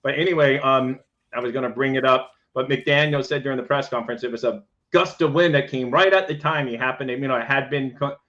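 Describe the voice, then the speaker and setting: A male podcast co-host in loose, rambling sports chat. His mid-pitched voice comes through dull and lo-fi. He talks in easy runs with plenty of fillers. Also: brisk, sharp tone.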